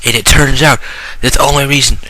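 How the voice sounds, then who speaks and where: Vlogger man, deadpan rambling storyteller with a very bright, sharp tone. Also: mid-range voice, fast, no room sound, poor audio. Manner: deadpan rambling, drops to mumbles. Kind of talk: absurd improvised storytelling.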